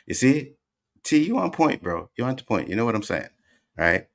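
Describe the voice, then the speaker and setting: A man's voice: medium pitch, sing-song, moderate pace. A Canadian man with some Jamaican slang, hosting a livestream and emphatically arguing back at his chat, repeating his points. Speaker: host. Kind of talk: livestream commentary reacting to chat.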